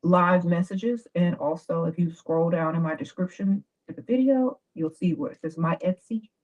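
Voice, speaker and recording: A woman giving dating advice in a chatty, animated livestream talk. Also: on the low side, normal speed. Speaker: advice host. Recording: dull lo-fi sound.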